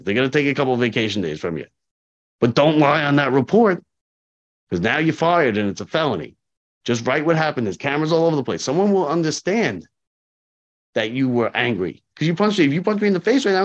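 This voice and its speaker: A man's voice: mid-range voice, fairly quick. A man who works as a corrections officer, telling stories casually in an interview, acting out the dialogue and repeating points for emphasis. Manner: animated, acts out dialogue, repeats himself for emphasis. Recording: slightly dull lo-fi audio.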